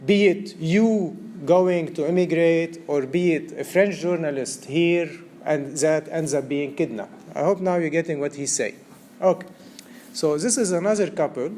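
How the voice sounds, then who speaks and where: Male art lecturer, slightly raised pitch, warm tone, rambling with fillers, classroom check-ins. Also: measured pace, slight background noise. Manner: discursive, many fillers, checks students follow him. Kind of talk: recorded university-style lecture.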